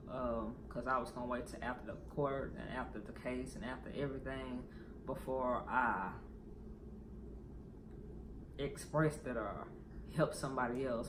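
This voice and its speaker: A man records an emotional personal vlog, rambling and cursing freely as he opens up. His voice carries a rough, gravelly fry. The recording has a steady hiss of background noise. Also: mid-range voice. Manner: rambling, profane, candid. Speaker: vlogger.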